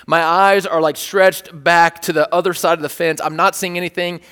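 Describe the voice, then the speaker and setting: High-voiced playful preacher in a reverberant hall. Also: male voice, moderate pace, smooth. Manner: animated, playful, joking with the congregation. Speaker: pastor. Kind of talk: sermon storytelling.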